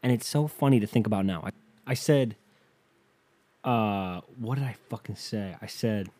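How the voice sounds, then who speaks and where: A young man tells a story casually and rambles, swearing freely and restarting his sentences a lot. He speaks at a moderate pace in a lowish, warm voice.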